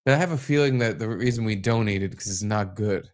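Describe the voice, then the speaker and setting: A man's voice: lowish voice, quick pace. A man co-hosting a comedy podcast in casual chat, joking crudely and rambling. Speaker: podcast co-host.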